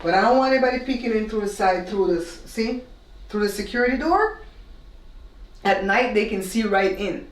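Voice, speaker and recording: A woman's voice: medium pitch, animated, moderate pace. A woman from Belize hosting a casual home tour vlog, explaining things step by step to her viewers. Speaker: host. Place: newly renovated room, indoors. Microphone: camera held by her husband, some distance off. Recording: echoey bare room.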